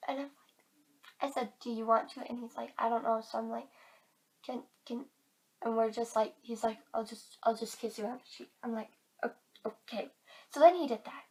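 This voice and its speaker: Chatty teen girl vlogger, high voice. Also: steady tone, normal speed, pauses often, a little mellow. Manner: chatty and giggly, lots of "like". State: tired. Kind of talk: casual chat to camera.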